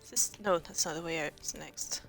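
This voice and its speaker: A woman's voice: deep voice, brisk, creaky, fairly bright tone, soft background music. A woman commentating casually on a video game as she plays, sarcastic and joking, with lots of swearing. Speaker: game streamer.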